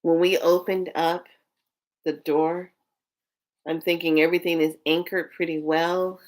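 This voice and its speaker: A woman with a low, deep-set voice tells a personal story straight to her viewers. She talks candidly and emotionally and swears freely as she goes. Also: level tone, unhurried, darkish tone. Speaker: vlogger.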